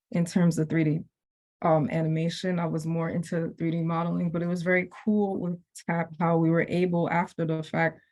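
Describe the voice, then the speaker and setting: Young woman, low-pitched, casual call chat, rambling, filler-heavy. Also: a little mellow. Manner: rambling, many fillers and restarts. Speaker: program graduate. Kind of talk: casual video-call conversation.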